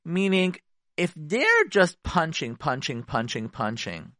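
A man gives earnest marriage advice on a radio show, speaking in a fairly high voice that rises and falls a great deal. He acts out both spouses and mixes in Yiddish and Hebrew terms. The sound is dry and close, with no room echo. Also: wildly swooping pitch, slow pace, bright, forceful tone.

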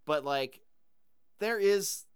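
A man talks casually on a podcast, comparing a film with its comic book. His fairly high voice swings widely in pitch and sounds smooth and resonant. The recording is dry and close. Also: expressive, extremely slow, dry recording. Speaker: podcast guest. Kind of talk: casual chat.

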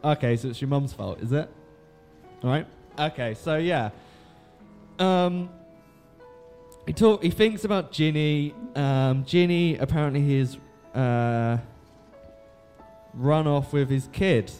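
A man's voice: a little high, takes it slowly, pauses often, darkish tone, faint music behind. A young man recapping a book in a loose, rambling way, swearing freely and filling gaps with ums and likes. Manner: swears freely, lots of fillers.

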